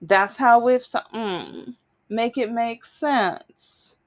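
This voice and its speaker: Brief: young woman, bright higher voice, casual vlog storytelling, emphatic and rambling. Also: drawn-out words. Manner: rambling, emphatic, trails off and restarts. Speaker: vlogger.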